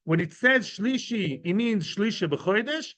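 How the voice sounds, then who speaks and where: A man's voice: sits high, lively intonation, unhurried, a bit bright, dry recording. A man giving an informal Talmud lesson to a class of men, explaining each term with everyday examples and often checking in with "right?" and "yeah?". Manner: conversational, often asks the listeners "right?" and "yeah?". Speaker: Talmud teacher.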